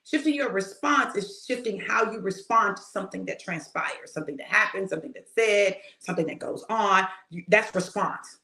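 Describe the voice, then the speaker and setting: A woman's voice: medium pitch, normal speed, vocal fry, few pauses, sharp tone, roomy sound. A woman minister delivering a casual, emphatic spoken sermon, talking straight to her listeners. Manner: emphatic and conversational, addressing listeners directly. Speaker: prophetic minister.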